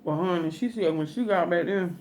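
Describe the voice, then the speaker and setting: A woman's voice: lowish voice, brisk, darkish tone, a little hiss or hum. A woman food vlogger telling a funny story in a chatty, folksy way while eating, with laughing asides.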